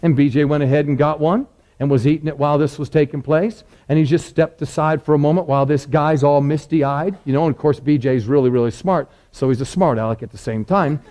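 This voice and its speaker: Male preacher, fairly high voice, folksy anecdote style, animated. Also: brisk. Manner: animated, folksy, leans into punchlines. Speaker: preacher telling a story. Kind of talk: folksy storytelling sermon.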